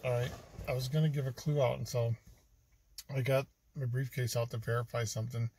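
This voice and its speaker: A man's voice: medium pitch, level tone, brisk. A man talking casually and rambling to his vlog camera from inside a car, with lots of ums. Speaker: vlogger on a treasure hunt road trip. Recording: noisy car cabin, from the mic. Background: loud road and engine noise.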